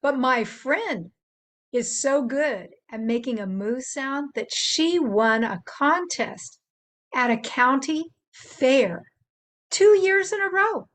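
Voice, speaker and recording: Older woman, children's presenter: high, lively voice, slow and playful delivery. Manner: playful, imitates animal sounds. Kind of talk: gentle instructional talk to children.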